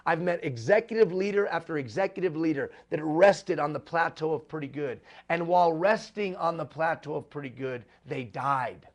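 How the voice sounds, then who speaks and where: A man's voice: a little high, moderate pace, hardly any pauses. A man giving a live motivational talk to executive leaders. He speaks emphatically and repeats refrains for rhetorical effect.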